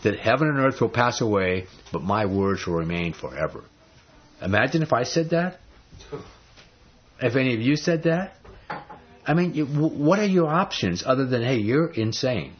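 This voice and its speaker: Man, Bible teacher, emphatic, rhetorical questions, husky voice, muffled lo-fi sound. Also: mid-range voice, animated, moderate pace, long pauses. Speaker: preacher.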